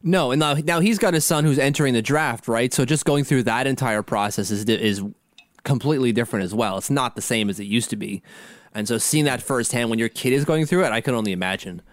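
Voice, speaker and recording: A man's voice: mid-range voice, fast, dry recording, clean studio sound. A man co-hosting a sports podcast in casual chat, rambling with many restarts. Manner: rambling, frequent restarts and laughs. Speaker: podcast co-host.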